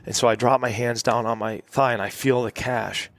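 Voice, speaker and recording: A man, a podcast guest, recounting a story in casual conversation, halting and restarting often and leaning on "like.". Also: medium pitch, fairly even intonation. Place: cabin.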